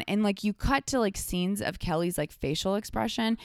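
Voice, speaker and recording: A woman's voice: mid-range voice, moderate pace, no room sound, clean studio sound. A woman guesting on a podcast, telling stories casually and animatedly with lots of "like" fillers. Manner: animated storytelling, many "like" fillers. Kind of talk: casual chat.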